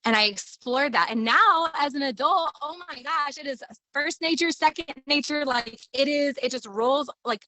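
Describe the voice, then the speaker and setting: In a casual motivational live talk, a woman leadership coach hosts a live stream, bubbly, enthusiastic and playful. Her voice is high and sharp at a moderate pace, with no room sound.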